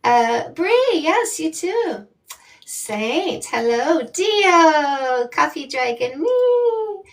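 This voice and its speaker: A woman from Canada coaching on dating in a live stream, blunt, sassy and emphatic as she reads out comments. Her voice sits high and she takes her time, slightly set back from the mic. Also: very animated, very slow, recorded from a distance. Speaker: dating coach and livestream host. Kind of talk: live-stream chat, reading viewer comments.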